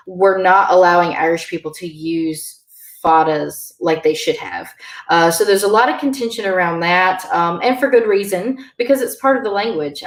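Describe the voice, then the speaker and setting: Slow, low-pitched woman teaching. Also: echoey room. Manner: slow, halting, many fillers. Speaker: Irish language teacher. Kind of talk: online beginner language lesson.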